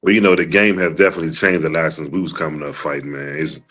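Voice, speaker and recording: A man with an extremely deep voice answers interview questions. He sounds relaxed and unhurried. His replies are short and easygoing. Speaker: guest, former boxer. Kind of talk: casual interview.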